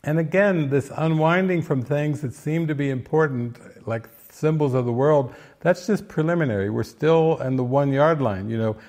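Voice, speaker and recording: A man's voice: a little high, moderate pace, few pauses, a little mellow. A man giving casual spiritual commentary in an earnest, playful way, now and then acting out little quoted voices.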